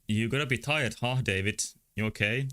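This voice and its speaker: A man's voice: medium pitch, normal speed, sharp tone. A man playing a story game, reading the dialogue aloud in a plain voice and joking about it. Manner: reads text in a plain voice, then jokes and reacts. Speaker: let's play streamer.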